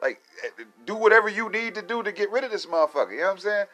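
A man's voice: high voice, sing-song, racing, sharp tone, faint music behind. Profane rambling man. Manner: profane, rambling, laughs often. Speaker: vlogger. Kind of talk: casual rant to viewers.

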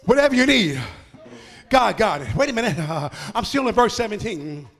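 A man in his fifties preaching a sermon, punctuating his phrases with "uh" and rising into shouted exhortation. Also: high voice, lively intonation, brisk, big-room sound, soft background music. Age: 50s.

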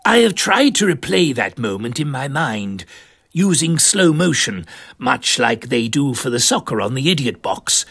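A man with an English accent narrating a comic story as a pompous elderly gentleman adventurer who uses posh, old-fashioned slang. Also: mid-range voice, big pitch swings, measured pace, gravelly, slightly rough. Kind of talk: comic first-person narration.

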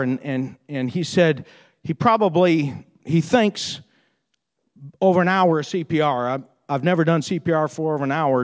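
A man preaches a sermon in a darkish tone, retelling a story with deep feeling. When moved he repeats and restarts his words, building into fervent preaching.

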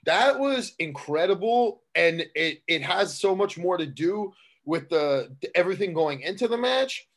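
Excitable rambling male wrestler. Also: high voice, measured pace. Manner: excitable, rambling with many restarts. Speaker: professional wrestler, guest. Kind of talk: casual interview chat.

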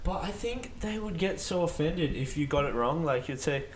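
A man co-hosting a podcast, chatting casually and jumping in with quick reactions. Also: on the high side, expressive, slight background noise. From Australia. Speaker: podcast co-host. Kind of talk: casual chat.

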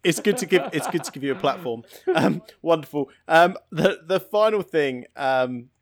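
A man's voice: a little high, animated, normal speed, gravelly. A man co-hosting a podcast in casual chat, teasing with dry humor. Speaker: podcast co-host.

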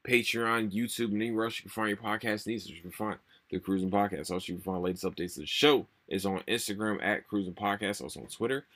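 A young man hosting a solo podcast, rambling and swearing a lot, tired and low on energy. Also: fast, a bit bright. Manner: profane, rambling, repeats himself. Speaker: podcast host. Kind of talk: casual solo podcast rant.

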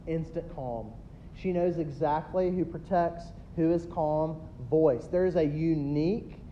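A pastor in his thirties preaching a sermon, swinging between loud emphatic builds and quiet asides. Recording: dull lo-fi recording with faint rumble.

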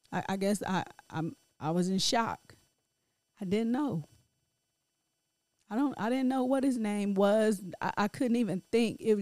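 A middle-aged grieving woman speaking in a halting, emotional personal monologue full of restarts. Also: mid-range voice, a little mellow, no room sound. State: grief-stricken. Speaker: grieving mother sharing her story.

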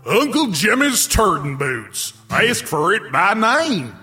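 A man's voice: high-pitched, very animated, slow, bright, forceful tone, exaggerated voice. A man voicing an over-eager announcer in a spoof radio commercial. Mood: hyped. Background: music.

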